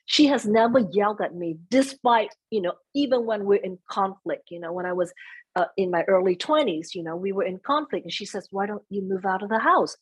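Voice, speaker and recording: A soft-spoken woman being interviewed, chatting casually and mixing in Vietnamese phrases. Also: medium pitch, lively intonation, fairly quick, breathy edge, dry recording, rough recording. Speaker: interview guest. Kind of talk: casual conversation.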